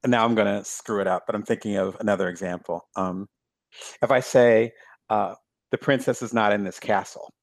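A man speaks in a relaxed, reflective way about his work as an author, often pausing on fillers. His voice sits on the low side, and the sound is dry and close with no room echo. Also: gravelly. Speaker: author, guest. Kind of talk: casual conversation.

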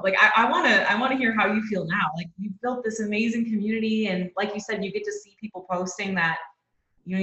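A woman's voice: mid-range voice, pushed and bright. A woman hosting an interview, chatty and eager, relating her own experience to the guest's. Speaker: podcast host. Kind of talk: casual interview. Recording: dull echoey room sound.

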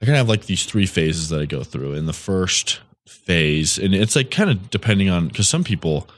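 A man with an extremely deep voice chats as a podcast guest. He rambles and restarts his thoughts, and he laughs easily. The recording is dry and close-miked. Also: sing-song, moderate pace, no echo. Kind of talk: casual chat.

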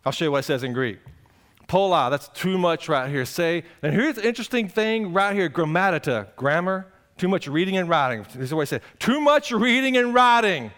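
A male pastor preaching a conversational sermon, swinging between loud exclamations and quiet asides. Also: on the high side, a little fast.

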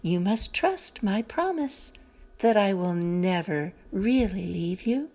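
A woman's voice: mid-range voice, expressive, slow pace. A woman voicing Hope, a sweet little female fairy who speaks kindly and cheerfully in a storybook reading. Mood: tender. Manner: soft, kind and coaxing.

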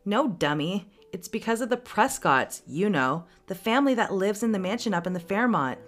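A woman reading a story aloud, voicing a kind, confident young girl who speaks gently and reassuringly. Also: mid-range voice, animated, normal speed, soft background music, voice pushed up, natural voice.

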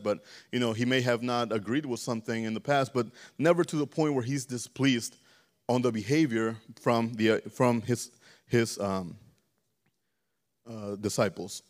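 Male preacher, mid-pitched, casual sermon delivery, halting, repeats words and checks in with the room. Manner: stammers and repeats words, often asks "right?". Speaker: preacher teaching a church service. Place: church sanctuary.

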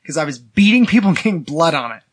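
A man hosting a podcast, joking in casual chat and slipping into a rough working-class persona. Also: fairly high pitch, very animated, quick pace. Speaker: podcast host.

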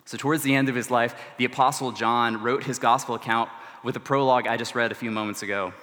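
A man, delivering a sermon as a church's student ministry director, earnest and measured with casual asides. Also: medium pitch, steady tone, pushed and bright. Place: large church sanctuary. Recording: long church-hall reverb.

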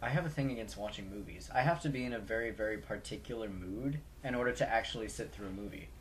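A man co-hosting a podcast in relaxed, casual chat, peppered with fillers. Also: on the low side, quick pace, slight background noise. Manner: relaxed, chatty, filler-heavy. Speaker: podcast co-host.

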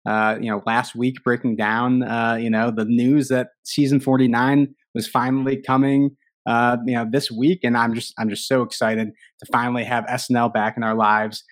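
A man on a podcast panel, speaking in a halting way full of fillers. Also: medium pitch, little pitch movement, no room sound. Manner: halting, many "you know" fillers. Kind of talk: casual podcast chat.

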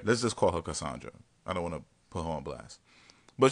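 A man telling dating stories in a casual, animated and slangy way, laughing often. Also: sits low, brisk. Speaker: podcast host telling stories. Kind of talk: casual storytelling.

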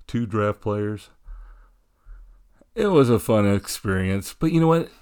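A man's voice: lowish voice, expressive, unhurried, a little mellow, clear, resonant tone. A man co-hosting a casual podcast, telling a rambling story and laughing often as he talks. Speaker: podcast co-host. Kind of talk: casual chat.

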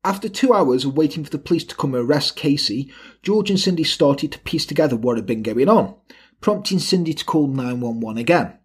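British-ish guy hosting a podcast, kinda husky, fairly high voice, jokes around while telling a crime story. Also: lively intonation, a little fast. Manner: irreverent, jokey storytelling with put-on quotes. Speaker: podcast host. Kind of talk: casual true-crime podcast chat.

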